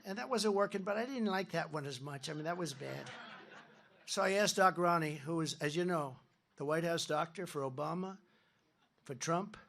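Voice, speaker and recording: A man's voice: on the high side, moderate pace, gravelly, a bit bright. A man in his seventies giving a rambling, boastful campaign speech from a podium at a large rally. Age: 70s. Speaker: political candidate. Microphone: podium mic.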